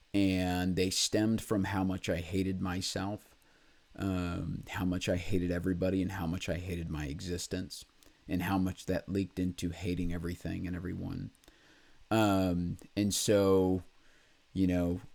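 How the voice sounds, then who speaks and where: Male vlogger, very deep voice, confessional monologue, halting delivery full of pauses and fillers, blunt and profane. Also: a little mellow. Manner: candid and blunt, with swearing. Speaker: vlog host.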